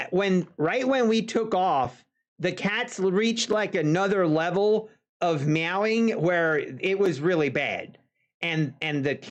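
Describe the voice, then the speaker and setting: A man telling a casual story to viewers of his live trading stream, chatty, with folksy asides. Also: high-pitched. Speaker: futures trader streaming live. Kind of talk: casual anecdote on a livestream.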